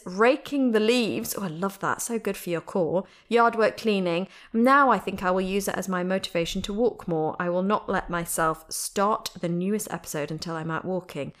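British woman, podcast host, bubbly and giggly, casual email reading. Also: mid-range voice. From Britain. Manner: bubbly, giggly, reads emails aloud with lively asides. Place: at home.

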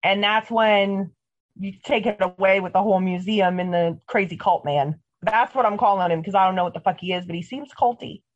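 A woman co-hosting a casual recap podcast, retelling a TV episode in an animated, profane way. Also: medium pitch, brisk. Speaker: podcast co-host. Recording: dull lo-fi audio.

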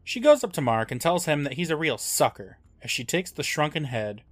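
A man co-hosting a podcast, retelling an episode in a lively, casual storytelling way. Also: fairly high pitch, fairly quick, dry recording. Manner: lively storytelling with laughs and voices for characters. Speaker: podcast co-host.

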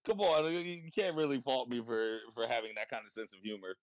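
A man talking casually on a podcast, his voice sitting at an ordinary middle pitch. He laughs easily and retells scenes with animated quoted voices. The sound is dry and close, with no room around it. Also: brisk, dry recording. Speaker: podcast co-host.

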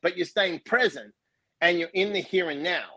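A man's voice: high-pitched, normal speed, creaky, bright, forceful tone, dry recording. A man talking as a guest in a casual interview, emphatic and intense, repeating himself for stress.

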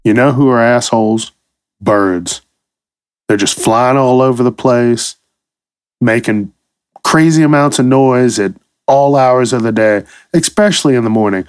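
A man's voice: medium pitch, measured pace, smooth, no room sound, studio quality. A man hosting a comedy podcast, delivering a profane, exasperated solo rant. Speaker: podcast host.

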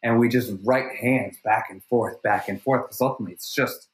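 A stunt performer being interviewed, telling stories casually with energy and frequent restarts. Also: male voice, medium pitch, fairly even intonation, moderate pace. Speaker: stunt performer and fight coordinator guest. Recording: roomy echo.

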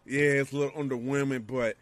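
A man in casual podcast chat, excitable and profane, acting out moments with yells. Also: mid-range voice, fast talker, no room sound. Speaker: wrestling show co-host.

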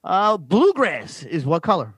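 A man co-hosting a trivia podcast in casual chat, teasing and thinking out loud. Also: sits high, very animated, unhurried, husky, no echo. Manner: playful, thinks aloud, teasing.

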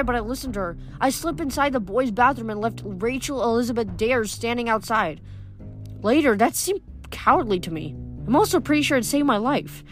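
A woman's voice: fairly high pitch, a bit bright. A woman reading a novel aloud in first person, often tripping over words and correcting herself. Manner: first-person narration with frequent stumbles and self-corrections. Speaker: audiobook reader.

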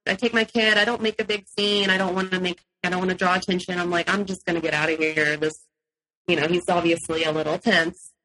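A woman's voice: fairly low pitch, fairly quick, poor audio. A woman guest in an interview, telling her personal story animatedly and acting out what people said. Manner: animated, acts out quotes, laughs often.

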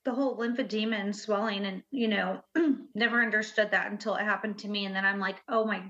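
A woman guest telling her own story in an interview, earnest and halting, with many fillers. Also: medium pitch, steady tone, sharp tone. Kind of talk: personal interview talk. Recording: muffled lo-fi audio.

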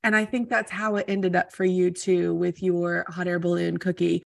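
A woman's voice: fairly low pitch, little pitch movement, moderate pace, vocal fry, no echo. A woman hosting a podcast interview, chatting enthusiastically in long, run-on thoughts. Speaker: podcast host. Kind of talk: casual interview chat.

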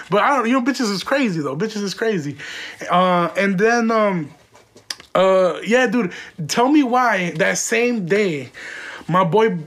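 A man's voice: sits high, lively intonation, measured pace, a bit bright. A man telling a rambling, profane comic story from his own life in casual slang, full of "like" fillers. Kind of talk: comedic storytelling.

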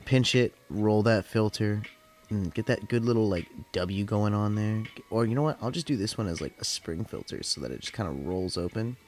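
A man's voice: lowish voice, animated, moderate pace, darkish tone, soft background music. Laid-back, tired man rambling through stories. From California desert. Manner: rambling, profane, heavy use of "like". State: tired after work. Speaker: podcast host. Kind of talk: casual storytelling chat.

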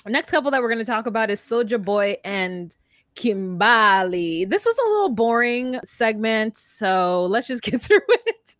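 High-voiced woman chatting on a podcast. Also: moderate pace, hardly any pauses, dry recording. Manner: rambling, animated, lots of fillers and mock quotes. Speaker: podcast co-host. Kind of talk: casual chat recapping a reality show.

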